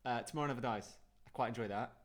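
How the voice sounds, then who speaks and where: A young man co-hosting a relaxed, unplanned chat. He talks fast and keeps jumping in with quick remarks, chatty and eager to keep things moving. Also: medium pitch. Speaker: podcast co-host. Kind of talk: casual chat.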